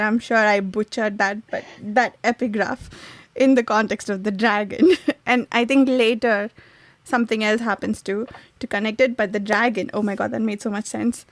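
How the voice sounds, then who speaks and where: A woman's voice: medium pitch, no room sound. A woman hosting a casual book discussion podcast, chatty, laughing often and searching for words. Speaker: podcast host.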